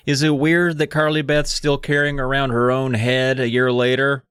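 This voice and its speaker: A man's voice: mid-range voice, little pitch movement, moderate pace, fairly bright tone, clean tone, no room sound, studio quality. A man co-hosting a podcast, recapping a book in a rambling, sarcastic way. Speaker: podcast co-host. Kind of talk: casual comedic book recap.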